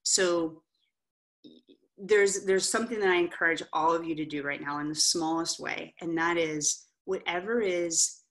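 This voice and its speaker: A middle-aged woman giving a candid motivational talk to an audience as an author and coach, telling stories in an animated way and checking in with the room with frequent asides. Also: lowish voice, measured pace. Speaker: author and coach, guest speaker.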